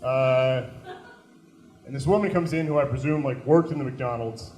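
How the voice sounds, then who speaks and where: A young man doing a stand-up set, telling stories in a deadpan way and breaking into loud put-on voices. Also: medium pitch, moderate pace. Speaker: stand-up comedian. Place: small comedy venue. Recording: echoey room.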